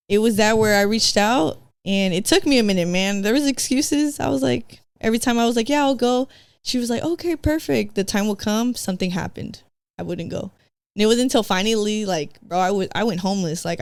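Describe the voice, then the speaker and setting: A woman's voice: mid-range voice, fairly quick, clear, resonant tone, dry recording. A woman from San Diego, a podcast guest, telling her own story in a slangy, casual way that is full of "like" and "bro". She acts out her past self and slips in Spanish phrases. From San Diego, California.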